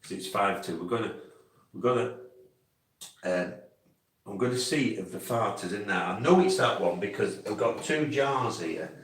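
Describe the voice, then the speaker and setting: A man with a lowish, animated voice hosts a casual live stream at a normal pace, rambling and restarting often as he chats with viewers. The mic sits at a distance in an echoey room.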